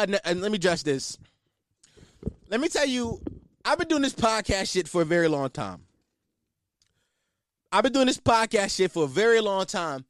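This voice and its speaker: A man's voice: very high voice, no echo, clean studio sound. A man hosting a podcast, ranting in a brash, profane, boastful way. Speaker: podcast host. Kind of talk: casual comedic rant.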